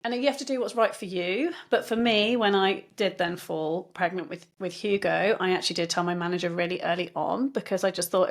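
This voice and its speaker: A woman's voice: lowish voice, fairly quick, vocal fry. A woman hosting a podcast interview, affirming her guest and asking reflective questions. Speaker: podcast host. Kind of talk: conversational interview.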